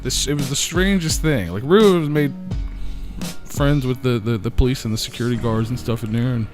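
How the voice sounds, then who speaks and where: A man's voice: mid-range voice, fairly quick, music in the background. A man hosting a podcast, telling a night-out story in a laid-back, casual way, swearing often and laughing along. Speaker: podcast host.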